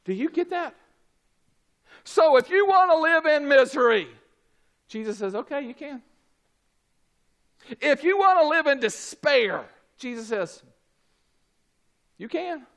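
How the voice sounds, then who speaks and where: Preaching with animation, this man stretches out his words deliberately and moves back and forth from emphatic shouting to soft, quiet remarks.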